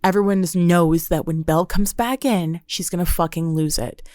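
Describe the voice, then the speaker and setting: A young woman talks through reality-TV drama on her podcast, animated and swearing freely. Her voice sits on the low side, and the sound is dry and close with no room around it. She keeps breaking into quick mimicry of the people she describes. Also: dry recording. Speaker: podcast host. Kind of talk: casual reality-TV recap monologue.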